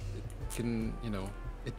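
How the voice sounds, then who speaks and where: A man's voice: fairly low pitch, level tone, measured pace, over music. A man co-streaming a survival game, bantering and teasing in a dry, joking way. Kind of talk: casual gameplay chat.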